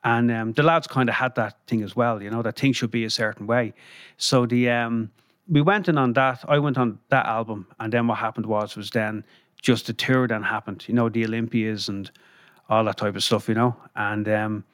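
An Irish man sits in a podcast studio and tells old stories in a loose, meandering way, full of fillers and little chuckles. His voice sits at an ordinary pitch and sounds dry and close to the mic. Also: fairly even intonation, normal speed, fairly bright tone, clear, resonant tone, dry recording. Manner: rambling, lots of "you know" and "um", chuckles while telling stories. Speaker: guest, former band crew member. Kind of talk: casual anecdotal storytelling.

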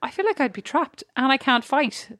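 A woman co-hosting a casual chat podcast, giggly and animated as she tells stories. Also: sits high, normal speed, no room sound, studio quality. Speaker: podcast co-host.

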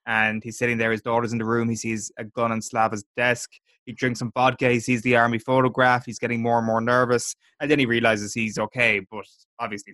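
A man with a sharp, mid-range voice hosts a casual podcast, recorded dry. He chats his way through a TV episode scene by scene, quoting the characters as he goes.

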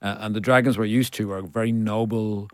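Low-voiced man telling stories. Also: fairly even intonation, fairly quick, dry recording, clean studio sound. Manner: self-deprecating storyteller, laughs often. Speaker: author guest. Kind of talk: casual interview chat.

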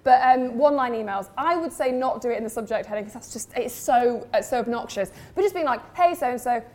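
Playful, giggly woman, high voice. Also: brisk, a little mellow. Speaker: podcast co-host. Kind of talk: live podcast chat. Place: studio with live audience.

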